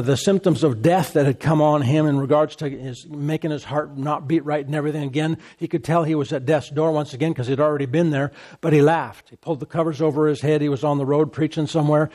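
A man preaching a sermon repeats himself emphatically and laughs deliberately to drive a point home. He's a pastor whose dark-toned voice sits somewhat higher than the typical man's.

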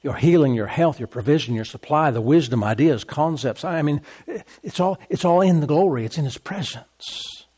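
A male pastor preaches with emphatic, repetitive phrasing. He breaks into deliberate laughs as he makes a point. His voice sits a bit higher than most men's. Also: expressive, darkish tone, slightly rough. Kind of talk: sermon.

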